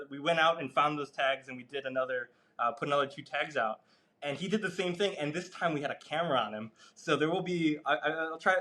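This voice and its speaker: Man, bright tense voice, podcast guest, animated storytelling, swears and laughs. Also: a little high. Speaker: guest researcher. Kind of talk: casual storytelling in a podcast interview.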